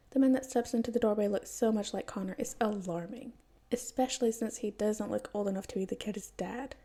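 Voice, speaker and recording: A woman reading fan fiction aloud as a podfic, telling the story in a calm, even way. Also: mid-range voice, a little fast. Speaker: podfic reader.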